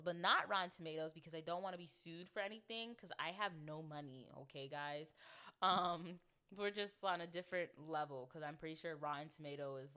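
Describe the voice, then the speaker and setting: Bright, chatty young woman podcaster. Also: sits low, clean tone. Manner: chatty and self-deprecating, heavy on "like". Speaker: podcast host. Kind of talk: casual solo podcast chat.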